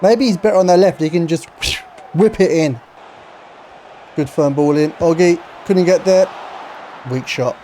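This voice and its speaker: Excitable man commentating a game. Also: fairly high pitch, unhurried, long pauses, a little hiss or hum. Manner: excitable, swings from shouting to muttering. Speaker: gaming YouTuber.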